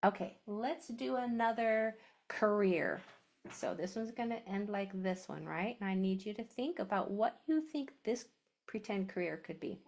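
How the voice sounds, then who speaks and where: A woman's voice: mid-range voice, expressive, normal speed, a little mellow. A woman teaching a phonics lesson to a class, sounding out letters and syllables, often dropping to a whisper.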